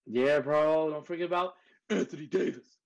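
A man's voice: a little high, normal speed, a little mellow, muffled recording. A man co-hosting a sports podcast in casual chat, brash and riled up, with plenty of cursing. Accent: put-on accent at times. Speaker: podcast co-host.

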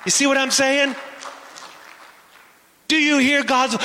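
A pastor preaches to his congregation in a high, bright voice, tossing them questions as he goes. His voice rings through a church with a long reverb tail. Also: steady tone, takes it slowly, pauses often. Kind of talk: sermon.

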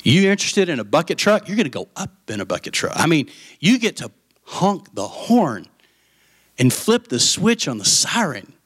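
Guy preaching, acts out the characters, gets loud and excited then drops to a whisper. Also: fairly high pitch, normal speed, husky. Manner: animated storytelling, acting out voices of the parable. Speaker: pastor. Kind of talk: sermon.

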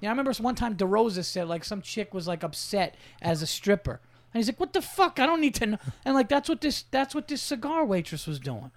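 A man hosting a podcast, telling animated, profanity-laced stories in casual chat. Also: high-pitched, brisk, few pauses, no echo. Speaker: podcast host.

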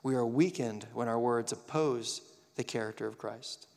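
A man preaching a sermon to young people, animated, acting out the voices he quotes. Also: medium pitch, moderate pace, creaky. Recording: long hall reverb.

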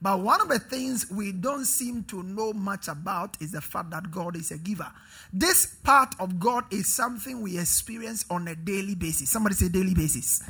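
A man preaching a sermon in a church service, leading call-and-response with the congregation and building up to emphatic shouts. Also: high-pitched, moderate pace, slightly rough. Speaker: pastor.

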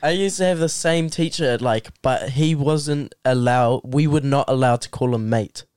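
A man's voice: medium pitch, moderate pace, clean tone, no room sound, studio quality. A young man chatting casually on a podcast, telling school stories and acting out the people in them. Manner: animated storyteller, acts out quotes in a raised voice. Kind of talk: casual chat.

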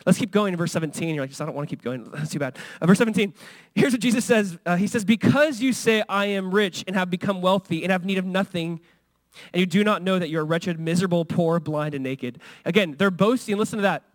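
A man with a high-pitched voice preaches a sermon in a casual, conversational way. He animates quoted lines with lively bursts. The sound is dry and close. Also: a little fast, no echo. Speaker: pastor.

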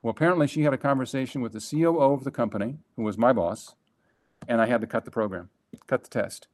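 Here a guest who formerly ran franchises as an executive tells a story about business. His pitch is medium, and he speaks with emphasis and energy, repeatedly restarting in quick bursts.

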